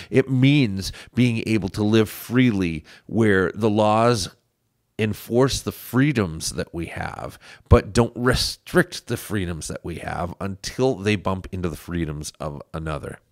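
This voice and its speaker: A man's voice: fairly low pitch, no echo, studio quality. A man hosting a political podcast, speaking earnestly as he urges listeners to get involved. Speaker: podcast host. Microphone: studio microphone.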